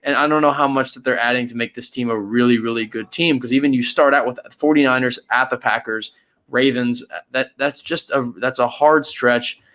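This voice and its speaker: A man's voice: mid-range voice, fairly even intonation, fairly bright tone. Young man hedging through sports picks. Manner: hesitant, hedging, pace swings from drawn-out to quick. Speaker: podcast co-host. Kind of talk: casual sports podcast chat.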